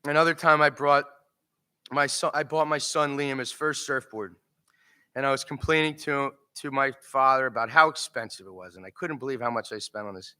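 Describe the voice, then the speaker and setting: A man's voice: medium pitch, moderate pace, sharp tone, clean tone. A man giving an emotional eulogy for his father at a memorial service, telling funny stories and laughing through them.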